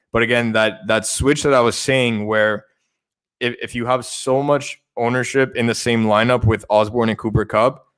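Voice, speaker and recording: A man co-hosting a fantasy football show in casual chat, excitable and often stumbling and repeating words. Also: lowish voice, clean tone. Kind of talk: casual sports betting chat.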